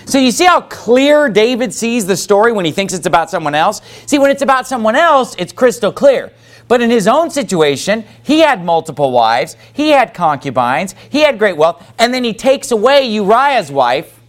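A man's voice: sits high, very animated, moderate pace. A man preaching a sermon who reads scripture aloud and breaks into casual asides. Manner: preaching with rising emphasis, reads scripture in King James wording; conversational asides with fillers. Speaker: pastor.

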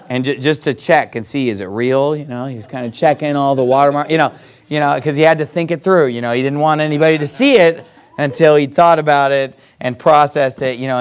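A middle-aged man preaching a Bible sermon, reading scripture slowly and then explaining it in a folksy, emphatic way. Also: on the high side, clear, resonant tone.

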